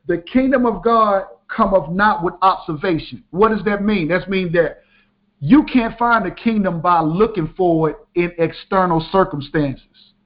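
High-voiced male preacher, emphatic sermon delivery, slightly muffled lo-fi recording. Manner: emphatic, repeats key lines for the listeners. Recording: dull lo-fi sound.

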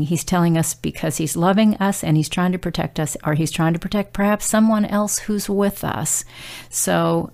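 A middle-aged woman talks through a casual devotional message in a low, gravelly voice. She sounds earnest and conversational, pausing on fillers and restarting her sentences as she goes. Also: a little mellow. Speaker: devotional speaker.

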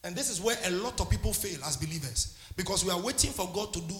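A man's voice: high voice, expressive, fast talker, a bit bright, reverberant, big-room sound, soft background music. A man preaching a sermon as a pastor, impassioned and calling out to his congregation.

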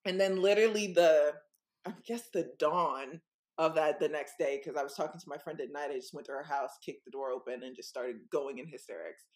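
This young woman co-hosts a podcast, telling a story in a casual, rambling way packed with "like" and "um" and acting out voices as she goes. Her voice is low and a bit dark, and she talks briskly.

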